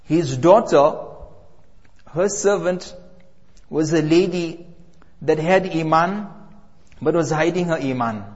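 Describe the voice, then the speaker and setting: A man's voice: fairly high pitch, slow pace, pauses often, a little mellow. A man delivering a sermon as a story, emphatic, drawing out key words. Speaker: preacher. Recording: reverberant hall, dull lo-fi sound.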